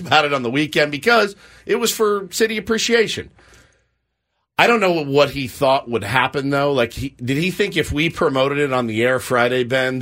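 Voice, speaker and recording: A man hosting a morning sports radio show, telling a story in a casual chat and acting out the voices of the people in it. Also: medium pitch. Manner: animated storyteller acting out quotes. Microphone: studio microphone.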